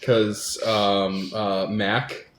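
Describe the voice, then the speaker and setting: A man, the game master, chatting casually at the table and recounting a story in an animated way, swearing freely. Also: fairly low pitch, very slow. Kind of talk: casual table chat between game sessions. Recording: echoey room, faint ambient hiss.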